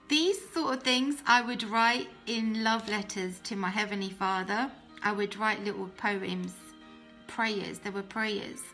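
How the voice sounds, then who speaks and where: A woman's voice: medium pitch, unhurried, sharp tone, soft background music. A young woman tells her personal faith testimony in an earnest, heartfelt way, often restarting her sentences.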